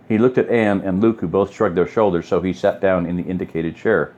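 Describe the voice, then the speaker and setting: Deep-voiced man casually reading a story. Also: fairly even intonation, brisk, hardly any pauses, a little mellow, highs cut off. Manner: informal, with offhand asides and apologies. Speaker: audiobook reader.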